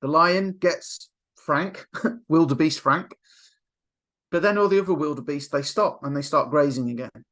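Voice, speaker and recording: Man, motivational coach, animated storyteller, slightly higher voice. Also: measured pace. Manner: animated storyteller, acts out quotes. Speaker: NLP coach. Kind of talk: motivational webinar talk.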